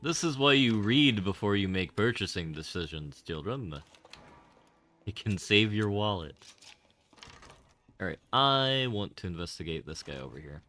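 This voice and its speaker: A man's voice: fairly low pitch, lively intonation, unhurried, bright, forceful tone. A man streaming a game, talking casually with rambling, wry and sarcastic asides and casual swearing. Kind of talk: casual gaming livestream commentary.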